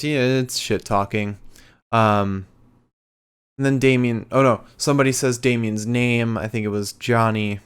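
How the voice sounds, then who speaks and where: Smooth-voiced man recapping in casual chat. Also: medium pitch. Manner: rambling with frequent ums. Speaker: podcast co-host.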